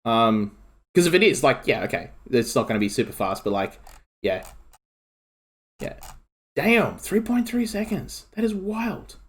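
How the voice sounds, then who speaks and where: An Australian man streaming a game and chatting casually, rambling excitably with lots of filler words. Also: mid-range voice, a little slow, pauses often. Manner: rambling, excitable, heavy use of "like". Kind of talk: casual chat while streaming.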